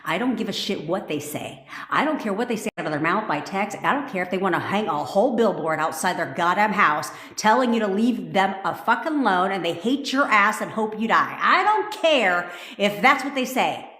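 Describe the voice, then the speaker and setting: A woman's voice: mid-range voice, expressive, normal speed, few pauses, a bit bright. A woman manifestation coach giving a blunt, profanity-laced pep talk on a live stream. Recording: echoey room.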